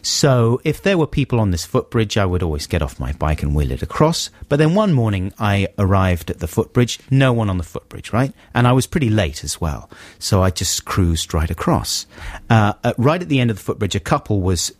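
A man, a radio co-host telling an anecdote, animated and exasperated. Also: on the low side, fairly quick, dry recording. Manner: animated storyteller, exasperated, many restarts. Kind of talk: anecdote in casual chat.

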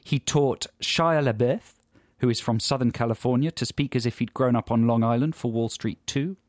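A man co-hosts a comedy podcast and tells a story with eager, wry energy. His voice sits at a middle pitch and sounds dry and close to the mic. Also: moderate pace, no room sound. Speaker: podcast co-host. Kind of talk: casual comedy chat.

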